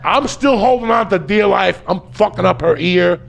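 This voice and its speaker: Telling a funny story as a podcast guest, a man from the New Jersey–New York area swings from shouting to muttering, loud and foul-mouthed. His voice is creaky, his pace moderate, and there's noise in the background.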